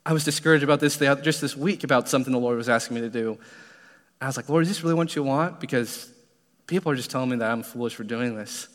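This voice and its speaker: A man's voice: mid-range voice, fast talker. Young man preaching in a reverberant church. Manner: earnest storytelling, acts out his own prayers. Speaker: youth pastor. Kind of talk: sermon. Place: church sanctuary. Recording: long reverb of a church hall.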